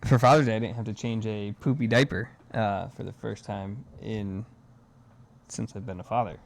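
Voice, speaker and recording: A podcast co-host in his thirties chats in a laid-back, rambling way, dropping "dude" and "man" into nearly every other phrase. He has a lowish voice with a steady tone, a moderate pace, and some vocal fry.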